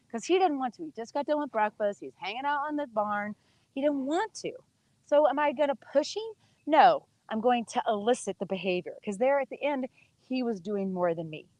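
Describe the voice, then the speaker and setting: A woman horse trainer talks viewers through her work in a relaxed, conversational teaching voice. Her pitch sits a touch high and the sound is close and dry, with no room echo. She keeps up an easy patter and coaxes the horse with steady encouragement. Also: normal speed. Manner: chatty, coaxing praise to the horse. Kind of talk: casual teaching while working a horse.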